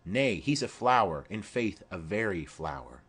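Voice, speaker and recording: A man's voice: low voice, very animated, unhurried, fairly bright tone, breathy edge, full character voice. A man reading the part of a fond, chattering elderly nurse in an audiobook of a play, rambling through long stories. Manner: rambling, digressive storytelling.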